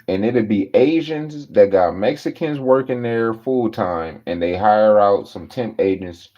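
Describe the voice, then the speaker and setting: A man with a somewhat low voice rants casually, swearing freely and leaning on slang as he tells exasperated stories. The sound is dull and lo-fi, as if through a cheap recorder. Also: warm tone. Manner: profane, exasperated, storytelling with slang. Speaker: podcast host. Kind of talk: casual ranting monologue.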